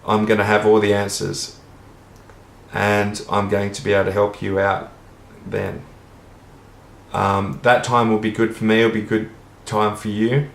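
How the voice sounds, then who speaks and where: An Australian man talks on at length in a low, flat, gravelly voice, earnest and rambling, with casual swearing. The room around him sounds echoey. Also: measured pace. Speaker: vlogger. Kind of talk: rambling monologue to camera. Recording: roomy echo.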